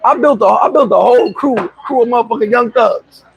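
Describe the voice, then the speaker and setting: A middle-aged man telling a story casually on a livestream, boastful and animated, laughing and swearing often. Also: very high-pitched, fairly quick, creaky, lo-fi sound, slight background noise. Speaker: vlogger.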